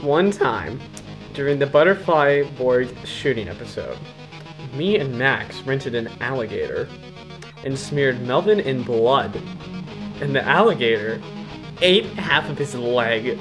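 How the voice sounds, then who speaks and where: A man's voice: mid-range voice, very animated, a little slow, music in the background. A young man in a mock interview, grandly scornful and mock-pompous. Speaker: interviewee in a comedy sketch.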